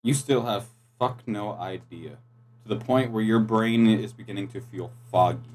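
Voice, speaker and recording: A man runs a tabletop game as game master. He explains rules and narrates scenes in a calm, measured way. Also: on the low side.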